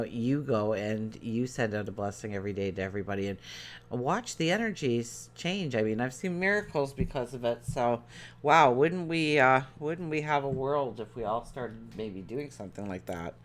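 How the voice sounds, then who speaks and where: A man giving a daily tarot reading to his viewers, talking in an earnest, rambling way with many fillers and restarts. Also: mid-range voice. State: choked up. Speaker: tarot reader.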